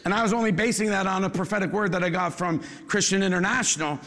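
A male pastor preaches with fervor, his voice sitting unusually high and ringing bright. He pushes into shouts and calls on the congregation to answer back. The sermon rolls out in a church sanctuary with a long, echoing reverb. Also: quick pace. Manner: fervent preaching, rising into shouts, call-and-response with the congregation.

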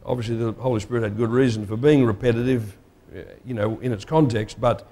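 A man's voice: mid-range voice, fairly even intonation, fairly quick, dark tone. A man preaching a sermon in a conversational, emphatic way, putting questions to his listeners. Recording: long hall reverb.

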